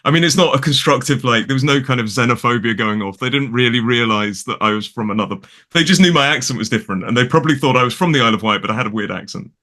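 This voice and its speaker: A talkative man with a mild Derbyshire accent rambles cheerfully through a casual chat. His voice is bright and forward, and he speaks over a video call. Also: mid-range voice, racing. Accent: mild Derbyshire English. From Derbyshire, England. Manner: chatty, rambling, animated. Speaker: guest English teacher. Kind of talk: casual conversation.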